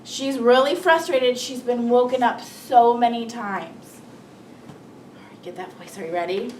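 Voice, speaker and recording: A woman teaching first grade, reading a big book aloud to her class in an expressive, sing-song voice. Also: on the high side, a little slow, slight background noise. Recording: echoey classroom, mic far off, children around.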